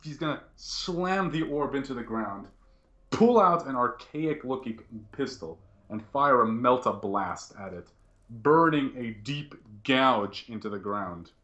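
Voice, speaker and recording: A man running a tabletop game as game master, narrating actions quickly. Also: mid-range voice, expressive, bright, forceful tone, echoey room, highs cut off. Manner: narrates quickly in present tense.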